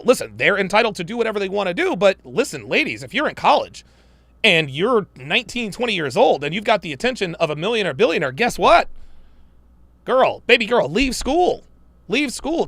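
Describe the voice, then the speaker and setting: A man's voice: high-pitched, creaky, a bit bright, no echo. A man hosting a live-stream commentary show, talking in a profane, emphatic and preachy way. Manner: mocks women in put-on voices.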